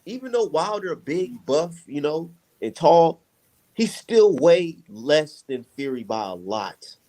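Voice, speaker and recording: A man hosting a casual chat, telling a profane, animated story and laughing often. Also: a little high, takes it slowly. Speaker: podcast host.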